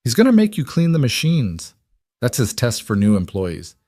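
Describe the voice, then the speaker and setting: A man reading a calm widowed single dad. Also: fairly low pitch, fairly quick, no room sound, clean studio sound, natural voice. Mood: amused. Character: kind widowed single dad, wry and steady.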